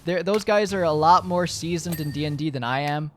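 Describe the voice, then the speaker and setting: A man's voice: a little high, fairly quick, a little hiss or hum. A young man streaming, chatting casually to his viewers in a rambling way, full of fillers and swearing.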